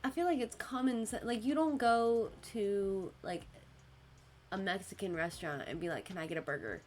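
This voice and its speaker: Speaking at normal speed, a young female podcast host chats casually about work, laughing a lot and mimicking customers with high-pitched voices. A little hiss or hum is audible.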